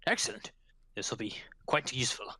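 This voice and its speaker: Brief: self-important gnome detective, by a man, fussy stop-start delivery, bright voice. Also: mid-range voice, animated, brisk, no room sound. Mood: pompous. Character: pompous cigar-smoking male gnome detective.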